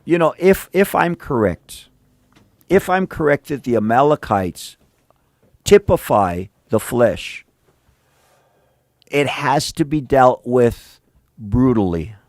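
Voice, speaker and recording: A male pastor preaching a conversational sermon, mixing slang with Bible reading and swinging between emphatic and hushed delivery. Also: mid-range voice, animated, slow pace, long pauses, no room sound, studio quality.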